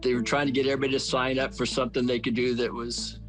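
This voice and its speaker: A man's voice: medium pitch, little pitch movement, fast talker, poor audio. A man in his seventies telling a story in a plain, folksy way during a documentary interview. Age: 70s. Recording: faint music underneath. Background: faint music.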